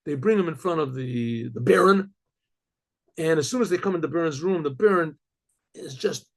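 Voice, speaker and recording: A middle-aged rabbi telling a story in a conversational way, with many restarts. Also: male voice, a little high, lively intonation, normal speed.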